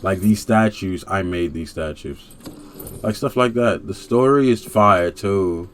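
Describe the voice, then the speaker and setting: A young man casually reviewing a video game in a laid-back, slangy way, chuckling and breaking into excited rants. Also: low voice, a little slow, a little hiss or hum.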